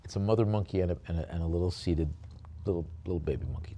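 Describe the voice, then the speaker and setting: A man working as an auctioneer, describing lots in a rambling way with many fillers and then calling bids briskly. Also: low voice, expressive, dark tone.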